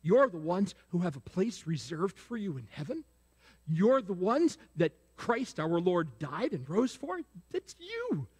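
A man's voice: high voice, big pitch swings, a little slow, darkish tone, slightly rough. A man pastor preaching a sermon. He asks the congregation questions over and over and prompts them to answer. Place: church sanctuary. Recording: long reverb of a church sanctuary.

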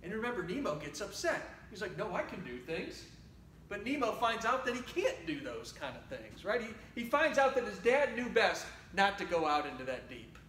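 A man preaching a sermon as pastor, talking conversationally and swinging between loud exhortation and quiet asides. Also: high-pitched, sing-song, normal speed, hardly any pauses, slight background noise. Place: church sanctuary. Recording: roomy church sound from a distant mic.

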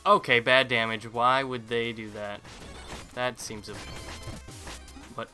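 Bright-voiced chatty man playing a video game. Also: medium pitch, steady tone, slow pace, faint music behind. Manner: chatty, rambling, self-deprecating. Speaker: gaming channel host. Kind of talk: casual let's play commentary.

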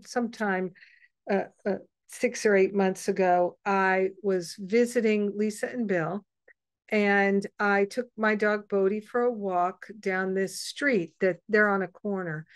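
Woman host, unhurried and soft, wanders through a story with pauses; dry, close sound. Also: mid-range voice, clean tone, no room sound. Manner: meandering and gentle, with frequent pauses and restarts. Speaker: host of an online spiritual gathering. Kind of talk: personal storytelling to an online group.

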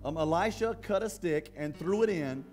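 A male pastor preaching a sermon in a church, in a conversational, halting way that often repeats words. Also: fairly high pitch, lively intonation, darkish tone, faint music behind.

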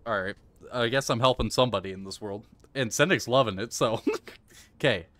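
A male game streamer riffs into a close desk mic in a dry, deadened room. He coaches himself through tricky moves, then bursts into loud, profane rage and cackling laughter. His voice sits at an ordinary middle pitch for a man. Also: fairly quick, dry recording. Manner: excitable, swears and rages, coaches himself aloud. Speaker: live streamer. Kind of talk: live gameplay commentary.

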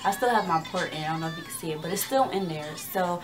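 A woman's voice: lowish voice, sing-song, fairly quick, hardly any pauses, music in the background. A young woman vlogging, telling a story casually to the camera in a chatty, slangy way and acting out the dialogue with energy.

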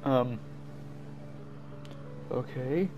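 A man giving jumpy, excited commentary while playing a game, easily startled and laughing at himself. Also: medium pitch, very slow, lo-fi sound, a little hiss or hum. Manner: jumpy, screams and laughs at scares, self-mocking. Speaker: gamer.

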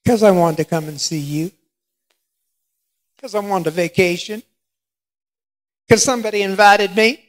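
Guest lecturer, man, emphatic and lively, works the room with questions. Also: high voice, measured pace, pauses often. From United States. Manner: animated, emphatic, asks the audience questions. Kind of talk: public lecture.

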